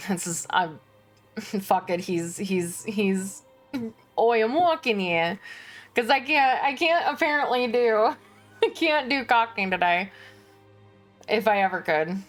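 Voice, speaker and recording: A woman's voice: mid-range voice, expressive, measured pace, faint music behind. A woman streaming a video game, reading the characters' lines aloud in put-on accents and laughing at her own attempts. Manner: laughing at herself, slipping between accents.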